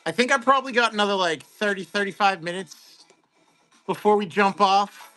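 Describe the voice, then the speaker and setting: A man hosting a card-opening livestream in casual, excitable chat, greeting viewers by name. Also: sits high, normal speed, faint music behind.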